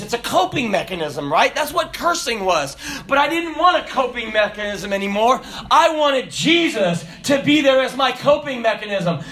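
A man preaching a sermon, telling stories with laughter in an animated, lively way. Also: high voice. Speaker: pastor.

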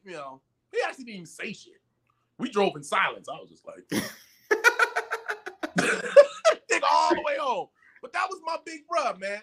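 A middle-aged man, a podcast guest, telling profane stories in an animated way and acting out the voices of the people in them. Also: high voice, gravelly. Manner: excitable and profane, acts out voices in his stories. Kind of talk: animated storytelling in casual chat.

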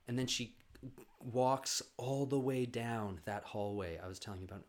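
A young man telling stories casually, rambling and swearing, with fast bursts. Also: on the low side. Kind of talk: casual storytelling.

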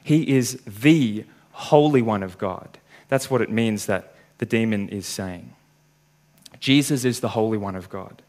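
A man's voice: fairly low pitch, unhurried, darkish tone. A man preaching a sermon, working through a passage step by step and reading the scripture aloud.

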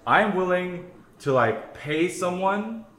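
A man's voice: high-pitched, slow, roomy sound. A young man hosting a podcast, chatting casually and ranting with lots of swearing while cooking at home. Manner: profane, ranting, animated complaints. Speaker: podcast host. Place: home kitchen.

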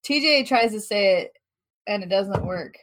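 A woman's voice: medium pitch, lively intonation, a little slow, fairly bright tone. A young woman co-hosting a podcast in casual, brash chat, swearing freely and laughing often. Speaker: podcast co-host.

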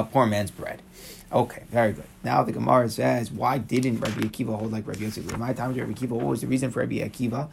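Fast gravelly man teaching Talmud. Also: medium pitch. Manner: quick, conversational, mixes Hebrew and Aramaic terms. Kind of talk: explaining a Talmud page.

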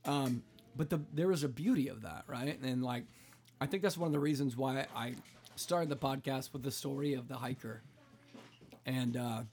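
Chatty man with a relaxed, filler-heavy way of talking. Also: mid-range voice, normal speed, a little hiss or hum. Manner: relaxed, talkative, lots of "like" fillers. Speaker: pastor and podcast host. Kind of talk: casual chat.

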